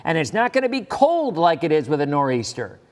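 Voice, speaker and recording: A middle-aged man with a fairly high voice gives a live weather broadcast. He sounds reassuring and emphatic, and he repeats his key points. A long reverb trails after his voice. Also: big pitch swings, brisk, a little mellow. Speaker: TV meteorologist. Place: live stream studio.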